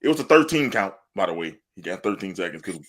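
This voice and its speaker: A man's voice: low voice, fast talker. A man co-hosting a sports podcast, talking casually and boastfully, telling stories with laughter and swearing. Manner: boastful, animated storytelling with laughs and profanity. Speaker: podcast co-host.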